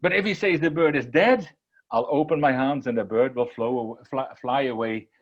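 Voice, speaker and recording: A man voicing an excited young boy who plots to trick an old man. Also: mid-range voice, normal speed, lo-fi sound, close to an everyday voice. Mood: excited, scheming. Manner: excited, plotting. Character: eager scheming young boy.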